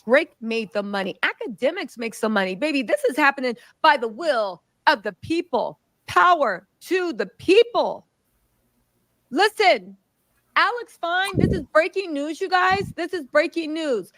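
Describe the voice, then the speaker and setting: Woman host, emphatic commentary, somewhat high voice, dry sound. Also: animated, normal speed, few pauses, a bit bright, no room sound. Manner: emphatic, preachy. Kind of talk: reaction commentary, reading a statement aloud.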